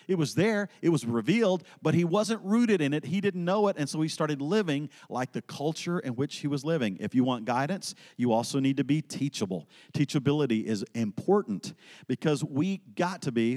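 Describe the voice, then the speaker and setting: Man, preacher, earnest emphatic sermon, personal stories, slightly high voice, long hall reverb. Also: darkish tone.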